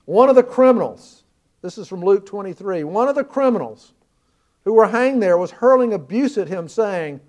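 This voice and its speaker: A man's voice: high-pitched, lively intonation, normal speed, darkish tone. A man from the American South preaching a sermon, retelling a story with earnest emphasis.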